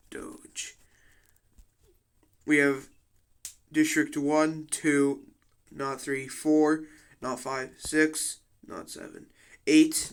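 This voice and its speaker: A young man giving casual commentary on a game simulation, slangy and full of swearing and joking asides. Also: on the high side.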